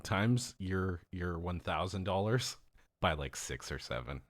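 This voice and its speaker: A man's voice: sits low, lively intonation, unhurried, no room sound. A man in his thirties hosting a podcast, chatting casually, swearing often and laughing easily. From California. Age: 30s. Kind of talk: casual profane chat.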